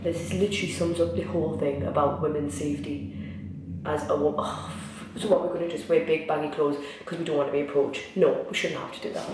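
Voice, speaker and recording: A woman's voice: low voice, fairly even intonation, a little fast. A young woman with a Geordie accent from Newcastle chatting candidly in a get-ready-with-me vlog, ranting and swearing freely. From Newcastle, England. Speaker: vlogger. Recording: echoey, distant, noisy.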